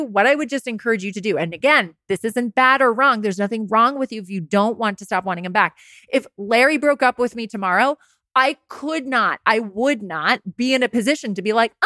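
A woman's voice: mid-range voice, moderate pace, bright, forceful tone, no echo, clean studio sound. A woman podcast host coaching listeners through heartbreak in a casual, candid monologue, swearing now and then and laughing at herself.

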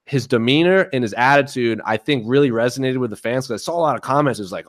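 A man's voice: medium pitch, quick pace, dry recording, clean studio sound. A man co-hosting a casual chat podcast, talking enthusiastically and jokingly with lots of fillers. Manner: enthusiastic, jokey, many fillers. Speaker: podcast co-host.

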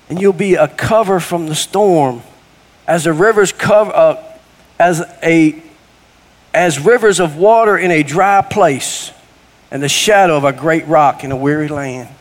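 A middle-aged man preaches in a folksy, conversational way, his fairly high voice rising now and then into bursts of fervor. He speaks in a church sanctuary, and the sound hangs in a long hall reverb. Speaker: guest preacher. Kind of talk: sermon.

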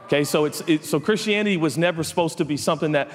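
A man's voice: on the high side, rapid-fire, slight background noise. A man preaching a sermon, telling the story with playful asides and acting out the people in it. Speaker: pastor. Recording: hall reverb.

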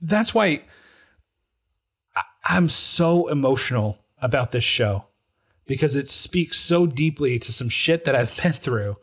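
In a relaxed podcast chat, a man in his forties discusses a TV drama in a middling-pitched voice. He speaks unhurriedly but with emotion and animation, slipping into quoted voices as he tells a personal story.

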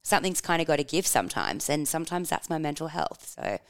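A woman's voice: deep voice, fast, no echo, studio quality. Frank, swearing woman in her thirties. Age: 30s. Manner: frank and animated, swears casually, laughs while telling stories. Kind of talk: personal storytelling, candid and confessional.

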